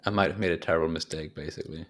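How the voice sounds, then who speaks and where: A man's voice: extremely low pitch, fairly even intonation, very fast, a bit bright. A man playing a tabletop role-playing game, talking casually and hesitantly with lots of "like" and "you know". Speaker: player. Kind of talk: casual play chat.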